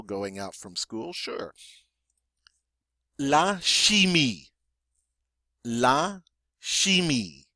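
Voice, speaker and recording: A man works through a French vocabulary list at an unhurried pace, saying each word twice before explaining it in English. He slips in dry jokes. The sound is dry and close, with no room echo. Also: fairly low pitch. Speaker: French teacher. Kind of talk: classroom vocabulary lesson.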